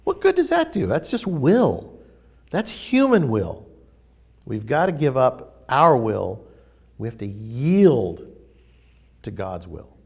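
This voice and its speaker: A man teaching in a casual spiritual talk, emphatic and animated as he tells stories. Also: medium pitch, takes it slowly, vocal fry, pauses often, slightly rough.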